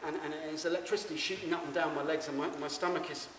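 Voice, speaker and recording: A man's voice: a little high, fairly even intonation, fast, a bit bright, a little hiss or hum. A man giving a rambling, stammering stage monologue, addressing the audience directly. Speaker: stage performer. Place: performance stage in a hall. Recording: echoey hall, mic far off.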